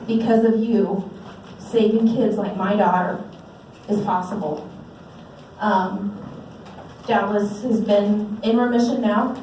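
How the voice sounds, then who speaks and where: A woman in her forties, her mid-range voice mellow, gives an earnest, heartfelt personal testimony at a fundraiser through a handheld mic in a large event hall. The recording is very echoey, with a distant mic and slight background noise.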